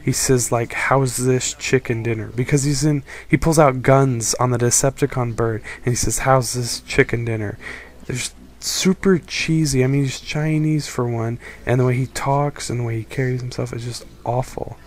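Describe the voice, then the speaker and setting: Young male film reviewer, casual and critical, average pitch, restless and rambling. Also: steady tone, moderate pace, few pauses, darkish tone. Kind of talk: casual opinion monologue.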